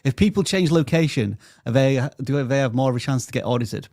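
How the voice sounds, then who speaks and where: A man's voice: medium pitch, expressive, fairly quick, creaky, darkish tone, no room sound, studio quality. A man hosting a livestream, chatty and joking as he greets viewers by name. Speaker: livestream host. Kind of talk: upbeat livestream chat.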